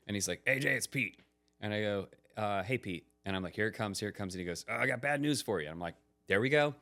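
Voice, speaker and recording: A man with a fairly low voice tells a story in a relaxed podcast chat. He gets animated, acting out what people said to him, and his voice jumps up when he does. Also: fast. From United States. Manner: animated, acts out quotes with rising pitch. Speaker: podcast guest. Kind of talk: casual storytelling.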